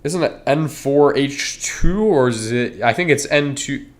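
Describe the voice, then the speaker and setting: A man's voice: medium pitch, expressive, a little slow. Male streamer, casual rambling chat with viewers, frequent restarts. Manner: rambling, self-interrupting, talks straight to chat.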